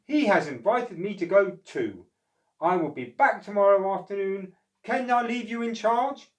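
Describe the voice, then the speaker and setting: A man's voice: sits high, lively intonation, unhurried, far from the mic, voice pushed up. A man voicing a kindly grown-up dock boss in a children's story, speaking in an encouraging, instructive way.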